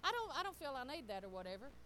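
Lively woman preaching casually. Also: high voice, rapid-fire, a little hiss or hum, rough recording. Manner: animated, laughing, talks straight to the congregation. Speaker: pastor's wife. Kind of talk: casual sermon storytelling.

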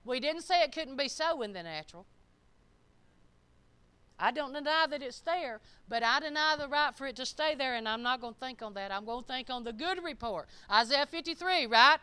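An older woman preaching a sermon, reading scripture slowly and breaking into plain, folksy, emphatic commentary. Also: sits high, lively intonation, pushed and bright, clean tone.

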